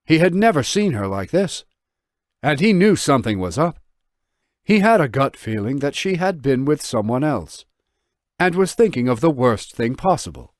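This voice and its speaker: Man, audiobook narration, lively pitch, dry close sound. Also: moderate pace, no room sound. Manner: expressive storytelling with voiced dialogue. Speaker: author and narrator.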